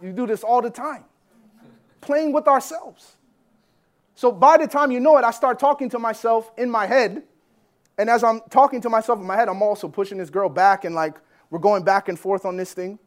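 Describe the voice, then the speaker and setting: A man preaching a sermon as a personal story, animated, swinging between loud bursts and hushed lines. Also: extremely high pitch, normal speed. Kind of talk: sermon testimony.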